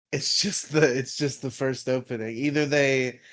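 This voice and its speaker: A man's voice: medium pitch, fairly bright tone, a little hiss or hum. A man co-hosting a podcast, recapping a TV episode in casual, rambling talk with lots of fillers and laughs. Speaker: podcast co-host.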